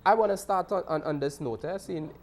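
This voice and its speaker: A man's voice: a little high, fairly quick, slight background noise. A man hosting a casual talk show, joking and using local slang. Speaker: show host.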